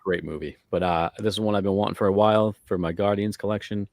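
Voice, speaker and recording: A man co-hosting a casual comic collecting show, chatting in a relaxed, rambling way. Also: lowish voice, fast talker, dry recording, clean studio sound. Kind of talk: casual chat.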